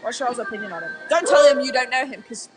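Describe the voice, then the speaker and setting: A woman's voice: high voice, quick pace, loud music behind the voice. A young woman from the Netherlands, a Dutch speaker, hosting a casual livestream, rambling and laughing as she answers viewer comments. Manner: chatty, rambling, laughs often, restarts sentences. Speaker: livestream host.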